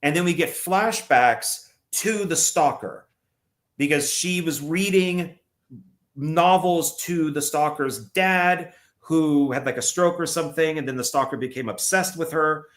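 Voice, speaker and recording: A man's voice: fairly high pitch, unhurried, fairly bright tone. A man on a podcast casually recounting a film plot at length, often stumbling and restarting his sentences. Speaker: podcast co-host. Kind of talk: casual movie review chat.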